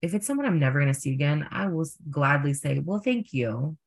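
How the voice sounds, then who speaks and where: A young man, a drag performer, telling stories in a casual interview, full of fillers and animated quoted voices. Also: fairly high pitch, fast talker, vocal fry.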